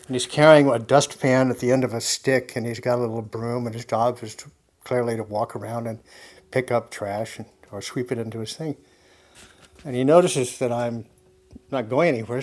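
Guy telling a story to a group, halting, keeps restarting sentences, soft little laughs, thinking out loud. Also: mid-range voice. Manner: halting and self-correcting, with frequent soft laughs; musing and conversational. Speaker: speaker sharing a personal story with a group. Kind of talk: reflective spoken talk with anecdote.

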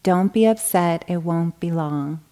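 A woman voicing a patient young mother who speaks quietly and soothingly to her small child in a joke. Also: on the low side, unhurried, lightly acted. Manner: calm, soothing.

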